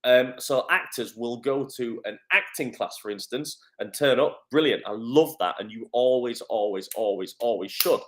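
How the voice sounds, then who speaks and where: A middle-aged man with a Northern English accent leads a live acting coaching talk, answering viewer comments in an energetic, supportive way. He speaks at a normal speed with a medium pitch and few pauses.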